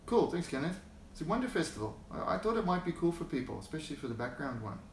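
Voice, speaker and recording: A man's voice: a little high, very animated, fast, slight background noise. Chatty Australian man in an echoey room. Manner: rambling, chatty, chuckles often, greets viewers by name. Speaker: hobby channel host. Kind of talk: casual livestream chat. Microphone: phone held in hand.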